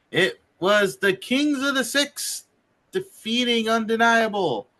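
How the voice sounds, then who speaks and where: A man recapping results on a casual podcast in a bright, fairly high voice. He talks slowly and haltingly and keeps saying um. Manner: slow, halting, with many ums. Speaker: podcast co-host reading results.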